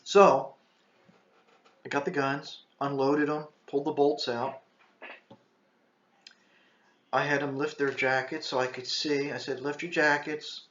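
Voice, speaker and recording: A man, a retired park ranger, telling a tense first-person story, halting and restarting, and shouting the commands he once gave. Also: mid-range voice, flat delivery. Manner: intense, shouts quoted commands. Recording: echoey, slightly dull sound.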